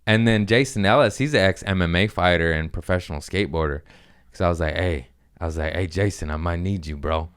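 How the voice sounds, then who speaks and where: A man's voice: deep voice, fairly quick, a bit bright, clear, resonant tone. A man hosting a podcast, casually telling a rambling, profane story about his comedy gig.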